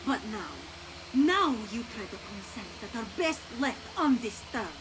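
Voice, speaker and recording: An actress voicing a mysterious woman stranger in a video game, smooth, condescending and politely threatening. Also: fairly high pitch, sing-song, a little slow, low-quality recording. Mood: taunting. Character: mysterious woman stranger, silky and veiled-menacing. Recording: game audio with music behind.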